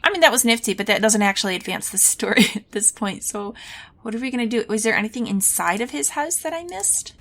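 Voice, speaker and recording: A woman's voice: a little high, lively intonation, quick pace, a bit bright. A woman playing a game and thinking aloud, musing and asking herself questions as she goes. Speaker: let's play gamer. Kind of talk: casual game commentary.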